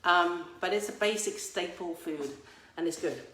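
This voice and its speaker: A woman's voice: fairly low pitch, normal speed, bright, forceful tone. An Englishwoman vlogging at home, talking to viewers through a phone camera held at arm's length, with playful, teacherly asides. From England. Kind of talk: casual chat to viewers. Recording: echoey room.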